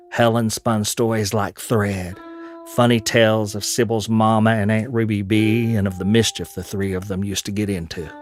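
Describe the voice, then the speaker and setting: A man narrating a fantasy audio drama in a measured, storytelling way, with folksy Southern turns of phrase. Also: lowish voice.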